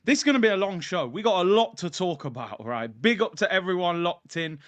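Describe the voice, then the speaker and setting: Excited guy hosting a football stream, highish voice, dry close sound. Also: brisk, no echo. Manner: hyped, slangy, jokey. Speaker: football channel host. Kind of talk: casual livestream chat. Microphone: streaming mic.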